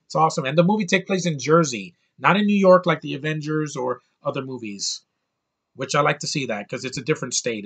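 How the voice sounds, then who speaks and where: A man's voice: fairly high pitch, fairly bright tone, breathy edge. A man giving a casual, rambling spoken film review, enthusiastic and full of restarts. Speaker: movie reviewer.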